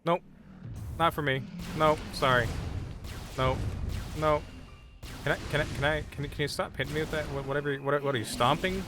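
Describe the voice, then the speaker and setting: A man's voice: a little high, steady tone, a little fast, pauses often, music in the background. A man streaming a game live, chatting casually and bluntly brushing off requests from chat. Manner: blunt, dismissive banter with chat.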